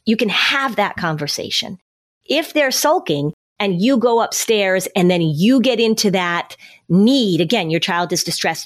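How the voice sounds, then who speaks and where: A middle-aged woman, a parenting expert on a podcast, explaining calmly step by step and now and then acting out what a parent or child would say. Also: medium pitch, moderate pace. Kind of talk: podcast conversation.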